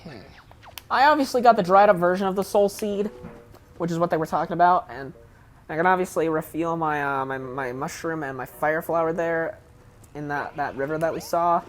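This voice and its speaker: A woman's voice: sits low, fairly quick. A woman with a Southern US accent giving casual, rambling commentary while playing a video game, with lots of fillers. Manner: rambling, self-deprecating, many fillers. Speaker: let's player.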